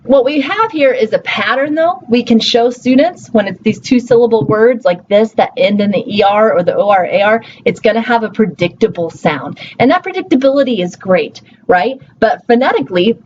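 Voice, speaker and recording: A woman's voice: on the high side, lively intonation, moderate pace, few pauses, darkish tone, dull audio, slight background noise. A woman teaching a recorded linguistics lecture in a chatty, encouraging way, often checking in with "okay?" and "right?". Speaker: linguistics instructor.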